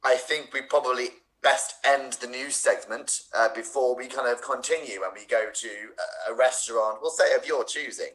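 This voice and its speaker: A man improvising a smooth, mock-formal male news anchor who teases his co-host. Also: mid-range voice, moderate pace, few pauses, a bit bright, close to an everyday voice, low-quality recording. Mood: teasing. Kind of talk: improv comedy.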